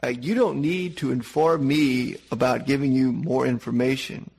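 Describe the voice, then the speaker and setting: Guy doing a cranky archangel, higher than his usual voice, gravelly, telling somebody off. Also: expressive, moderate pace, exaggerated voice. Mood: indignant. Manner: scolding, blunt, folksy. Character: stern indignant male archangel.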